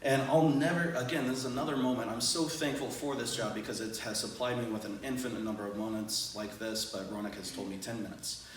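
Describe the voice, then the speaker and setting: A man tells a funny personal story live, playful and self-mocking, laughing along as he goes. His voice sits at an ordinary middle pitch. The sound bounces around a big echoey room and comes from some distance from the mic. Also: fairly quick, hardly any pauses, a little hiss or hum. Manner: animated, self-deprecating, laughs often. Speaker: teacher telling a story on stage. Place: event venue with audience, large room.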